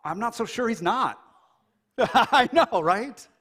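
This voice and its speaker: An American man preaching a sermon in a casual, animated way, joking and acting out quoted lines. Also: very high voice, slow, slightly rough. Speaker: pastor. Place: church.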